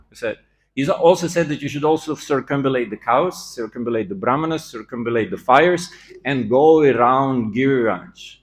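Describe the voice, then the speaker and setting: Male temple speaker, lively storyteller, medium pitch, class setting. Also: fairly quick. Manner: animated storytelling that acts out quoted lines with rising voice. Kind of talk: scripture class for a festival.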